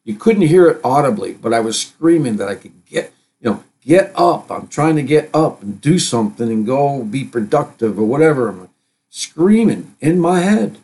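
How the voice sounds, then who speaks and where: A middle-aged man hosting a live stream, reading news items aloud and commenting on them in a rambling, halting way with many fillers and restarts. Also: mid-range voice, very animated, mellow.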